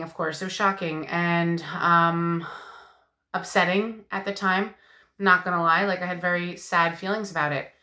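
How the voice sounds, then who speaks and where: Bright-voiced woman in her thirties, halting. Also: fairly low pitch, roomy sound. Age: 30s. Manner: candid, halting, many fillers. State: emotional. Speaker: vlogger. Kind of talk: personal video update.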